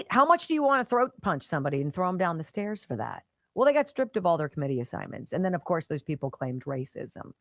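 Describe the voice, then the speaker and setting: A middle-aged woman hosts a talk radio show, her pitch leaping around as she talks. She delivers a sarcastic, scornful monologue in short punchy bursts. The sound is close and dry, with no room around it. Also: sing-song, fast, dry recording.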